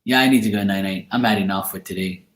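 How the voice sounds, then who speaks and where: Male tarot reader, lower voice, loose blunt live-chat delivery with casual swearing, tired, roomy echo. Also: fast, fairly bright tone. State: tired at end of long day.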